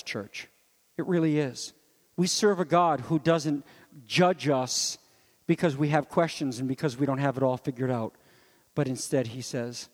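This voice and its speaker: A man preaching a sermon as pastor, animated and full of rhetorical questions, dropping now and then to soft low asides. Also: moderate pace. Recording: long reverb of a large hall.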